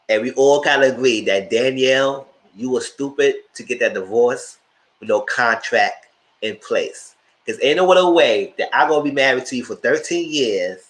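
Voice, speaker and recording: A man hosting a live show, giving animated, opinionated commentary on reality TV and talking straight to his viewers. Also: medium pitch. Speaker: host reviewing reality TV.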